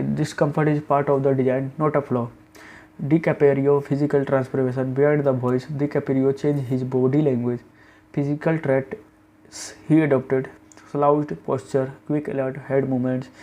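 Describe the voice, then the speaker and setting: Flat-voiced man narrating. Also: medium pitch, normal speed, low-quality recording. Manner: reads in short clipped phrases with occasional restarts. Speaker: film review narrator. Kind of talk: scripted voice-over narration.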